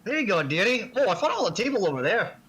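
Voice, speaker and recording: A man's voice: sits high, very animated, rapid-fire, fairly bright tone, slight background noise. A man playing a crude, hard-drinking man who calls everyone dearie and swears a lot. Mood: coaxing. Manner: crude and cheeky, swears often.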